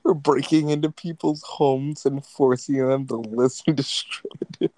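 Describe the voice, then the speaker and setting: A man's voice: medium pitch, steady tone, a little slow, dark tone, dry recording, poor audio. A young man co-hosting a podcast in casual chat, joking and laughing easily and calling his friend "bro.". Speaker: podcast co-host.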